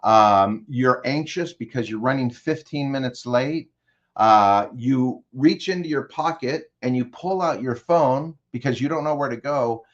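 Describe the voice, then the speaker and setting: A man's voice: mid-range voice, measured pace, dull audio. Man guiding a vivid scenario. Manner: leads the listener with direct questions. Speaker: guest consultant. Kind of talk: guided storytelling in an interview.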